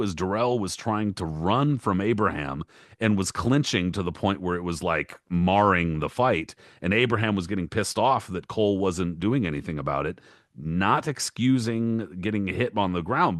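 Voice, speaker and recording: Podcast co-host, a man with a deep voice, cursing and exasperated, dry close sound. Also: no echo. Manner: profane, exasperated ranting; rapid listing with mock-quoted voices. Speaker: podcast co-host, boxing historian. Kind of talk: casual podcast rant.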